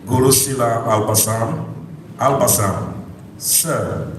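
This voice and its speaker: Brisk moderator man, echoey hall. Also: medium pitch, noisy background. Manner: brief, formal question reading. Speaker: debate moderator. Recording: reverberant hall, distant mic.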